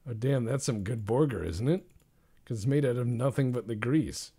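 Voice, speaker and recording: A man giving rambling, jokey commentary over his own gameplay, mixing deadpan asides with sudden loud outbursts. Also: medium pitch, normal speed, slightly rough.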